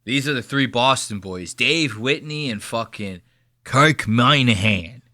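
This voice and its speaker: A man's voice: medium pitch, bright, forceful tone, no room sound, clean studio sound. A man in his thirties from New Jersey, hosting a podcast with rambling, mocking commentary full of swearing. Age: 30s. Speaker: podcast host. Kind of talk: casual profane commentary.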